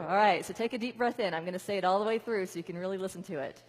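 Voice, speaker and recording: In a large church venue, a woman minister delivers a conversational sermon, leading her congregation in repeated affirmations. Her lowish voice is very fast with few pauses, recorded in a reverberant hall.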